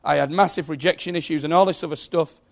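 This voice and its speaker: A middle-aged man giving an emotional sermon testimony, telling stories and swinging from hushed to loud. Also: fairly high pitch, steady tone, fast talker, creaky. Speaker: preacher.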